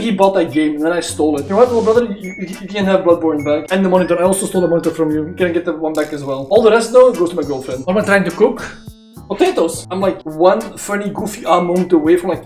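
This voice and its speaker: Excitable young man, echoey kitchen. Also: sits high. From Belgium. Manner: excitable, swears often, loud sudden outbursts. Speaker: streamer. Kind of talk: live-stream chat while cooking. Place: home kitchen. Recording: echoey kitchen with faint music.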